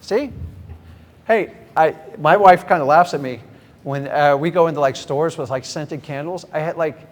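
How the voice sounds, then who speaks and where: Energetic middle-aged man coaching a crowd. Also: moderate pace. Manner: energetic, talks straight to the crowd. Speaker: real estate coach. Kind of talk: live seminar teaching. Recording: reverberant hall, faint rumble.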